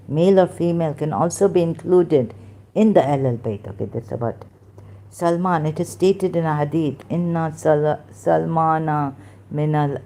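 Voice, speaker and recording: A woman hosting her own channel, reading passages aloud in halting, self-correcting casual commentary. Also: deep voice, warm tone, slight background noise. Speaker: solo channel host.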